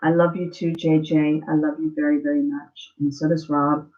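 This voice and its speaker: A woman hosting a live-stream spiritual reading as a psychic, speaking tenderly and emotionally, halting and repeating herself with many fillers. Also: sits low, little pitch movement. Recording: slightly muffled lo-fi stream audio.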